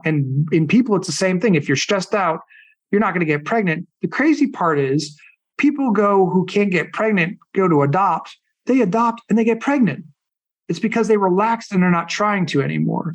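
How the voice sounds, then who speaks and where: Middle-aged male coach, casual and blunt, tells stories with energy in a slightly high voice. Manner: animated, acts out quoted people. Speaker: podcast guest, coach. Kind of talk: casual storytelling.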